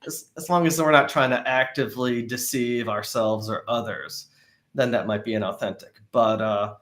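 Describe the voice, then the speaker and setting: A man talks as a guest on a casual show in a middle-pitched voice. He sounds thoughtful and slips in dry humor. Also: moderate pace, a bit bright. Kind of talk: casual chat.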